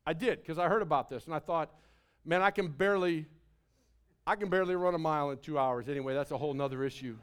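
A male pastor preaching a sermon, swinging from soft asides to loud emphasis. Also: fairly high pitch, quick pace, clean tone.

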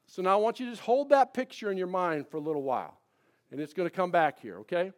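High-voiced pastor preaching. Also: male voice, expressive, fast talker. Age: 50s. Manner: folksy, conversational preaching with repeated refrains. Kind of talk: sermon.

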